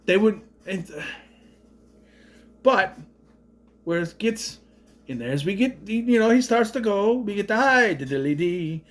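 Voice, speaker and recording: A man's voice: sits high, measured pace, long pauses. A man giving casual, rambling movie commentary, sarcastic and swearing freely. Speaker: movie reviewer.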